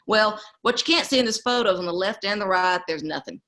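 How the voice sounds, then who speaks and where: A woman's voice: mid-range voice, fast, pushed and bright. A middle-aged woman from East Texas, telling a family story as an interview guest. She tells it with animation and laughs often.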